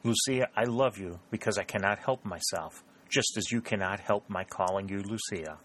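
A man's voice: lowish voice, normal speed, fairly bright tone, slight background noise, lightly acted. A man reading a proud, ardent male secretary who pleads his love in an audiobook.

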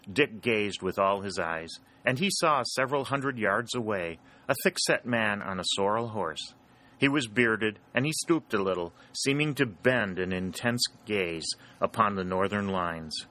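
A male narrator reads a war adventure aloud in a steady, dramatic way. His voice sits fairly low. The tone is bright and pressed, with a forceful edge. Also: a little slow. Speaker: audiobook narrator. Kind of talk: scripted narration.

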